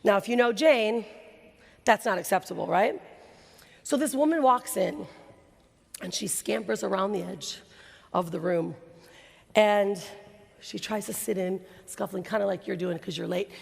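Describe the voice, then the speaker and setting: Brief: woman keynote speaker, lively stage storyteller, slight vocal fry, big reverberant hall. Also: mid-range voice, unhurried, long pauses. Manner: animated, acts out quoted voices. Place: large hall before an audience.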